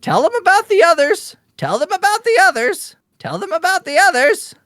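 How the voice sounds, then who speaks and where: The game master puts on a pushy pet raven that squawks its lines over and over, pitched well above the narrating voice. The delivery is lively and bouncy. The sound is dry and close. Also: normal speed, no echo, heavily acted. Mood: insistent. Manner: squawks repeated phrases, chatty and cheeky.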